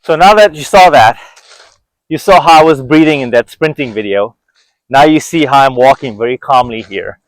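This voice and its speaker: A man's voice: mid-range voice, moderate pace, dry recording, low-quality recording. A middle-aged man talking casually to camera as a fitness vlogger while walking outdoors, rambling and self-motivating with many restarts.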